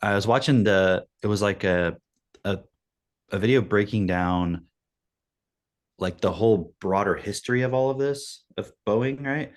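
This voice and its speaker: A man's voice: on the low side, unhurried. A man co-hosting a podcast, talking bluntly and profanely in a rambling way. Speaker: podcast co-host. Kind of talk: casual podcast chat.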